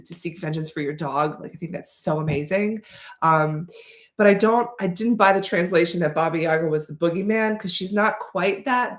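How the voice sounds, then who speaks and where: In a roomy-sounding space, a livestream host of Slavic background fields questions in a casual Q&A. Her voice sits in the mid-range, and her answers wander playfully, thick with fillers and restarts.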